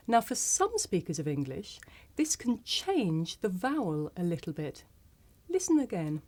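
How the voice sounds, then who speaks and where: A woman teaching English pronunciation, saying single words slowly and carefully for learners to repeat. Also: medium pitch, sing-song, a little mellow. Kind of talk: slow scripted pronunciation lesson.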